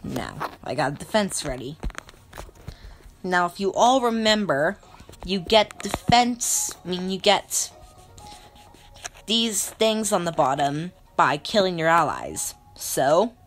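A woman's voice: lowish voice, very animated, takes it slowly, faint music behind. A woman narrating her strategy game play in a melodramatic, self-mocking way. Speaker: gamer. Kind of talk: let's play game commentary.

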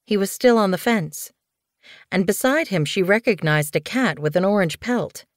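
A woman narrating an animal story audiobook in a clear, measured, scripted reading. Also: mid-range voice, lively intonation, dry recording, clean studio sound.

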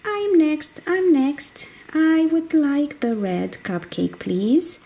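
Woman doing squeaky eager little kids. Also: takes it slowly, vocal fry, mellow, exaggerated voice. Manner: high, eager, pleading. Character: excited little kids waiting for ice cream. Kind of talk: toy play voice acting.

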